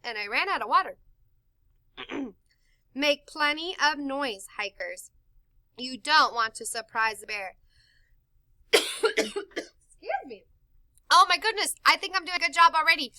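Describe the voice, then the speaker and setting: A woman reading a picture book aloud to children in an animated, sing-song way, stopping to explain words. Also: sits high, a little slow, pauses often, no room sound. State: tickle in her throat. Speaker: storytime reader for children.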